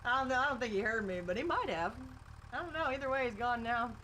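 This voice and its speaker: Chatty woman streamer, higher voice. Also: lively intonation, fast, sharp tone, slight background noise. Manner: chatty, laughs often, reads and answers chat. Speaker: live streamer. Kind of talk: casual live-stream chat. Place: outdoors on a farm, driving a tractor.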